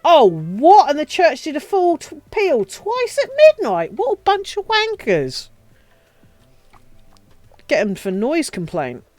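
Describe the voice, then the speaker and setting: Lively sweary woman streamer. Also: sits high, slow, no room sound, faint music behind. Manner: chatty, sweary, ranting, laughs often. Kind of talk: casual live-stream chat while playing.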